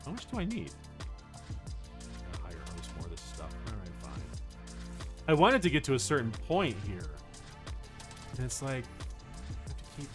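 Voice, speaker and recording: A man who is a voice actor chatting casually while streaming a game, telling animated stories and muttering along as he plays. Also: mid-range voice, moderate pace, pauses often, music in the background. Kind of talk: casual gameplay livestream chat.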